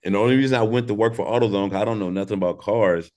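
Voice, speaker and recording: A very deep-voiced man from St. Louis, Missouri, talking as a podcast guest. He tells his stories in a loose, laid-back way, swears freely and laughs as he goes. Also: rapid-fire, mellow. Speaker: podcast guest, former pro skateboarder. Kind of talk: casual storytelling interview.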